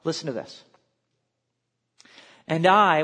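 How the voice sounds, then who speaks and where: High-voiced man preaching a sermon. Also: unhurried, long pauses. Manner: expressive preaching, quotes scripture aloud, drops to quiet asides. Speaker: pastor.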